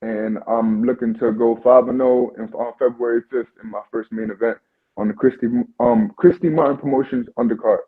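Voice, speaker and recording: A guest boxer in his twenties with a New York accent talks earnestly in a remote phone interview, often saying "you know." His mid-range voice is steady in tone, fairly quick, and slightly rough, heard over a tinny phone line.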